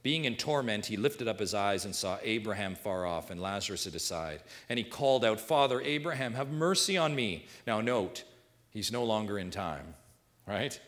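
Impassioned male preacher. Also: normal speed. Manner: impassioned preaching, swinging from quiet and low to loud and high. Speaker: pastor. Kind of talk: sermon.

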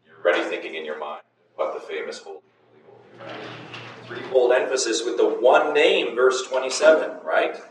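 A man's voice: medium pitch, lively intonation, moderate pace. A man leads a Bible class with emphatic, questioning delivery. He sounds distant in an echoey room, with a faint hiss behind him. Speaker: Bible study teacher. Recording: echoey room, far from mic, faint noise.

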